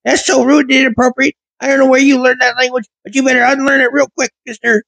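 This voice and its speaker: A man doing a stern, high-pitched scolding schoolteacher. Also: little pitch movement, fast, creaky, a bit bright, no echo, exaggerated voice. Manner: indignant, lecturing.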